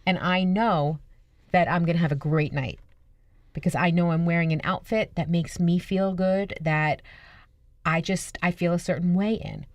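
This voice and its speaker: A woman's voice: fairly low pitch, steady tone, moderate pace, no echo, lo-fi sound. A woman co-hosting a radio talk show, chatting eagerly about clothes and how her clients dress. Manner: enthusiastic, agreeable, chatty. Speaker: radio show co-host, image consultant. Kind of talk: casual radio chat.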